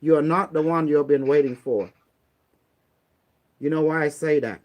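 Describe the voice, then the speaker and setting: A man's voice: a little high, normal speed, lo-fi sound. A man from Cambodia giving blunt, streetwise, preachy advice in a casual motivational talk. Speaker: online talk host.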